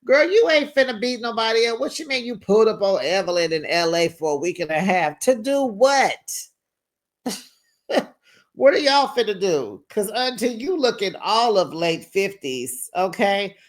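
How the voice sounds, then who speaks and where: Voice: mid-range voice, animated, moderate pace, few pauses. A host recapping a reality show in casual gossip commentary, sassy and chatty, laughing often and talking straight to viewers.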